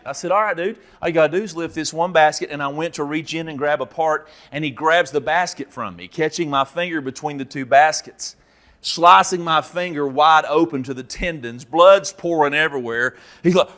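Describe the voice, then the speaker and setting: A man preaches, jumping in pitch and loudness as he acts out the people in his stories. His voice sits a little high for a man, and he shifts quickly between quiet asides and shouting. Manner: animated storytelling, acting out characters with sudden loud shouts. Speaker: pastor. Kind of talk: sermon teaching.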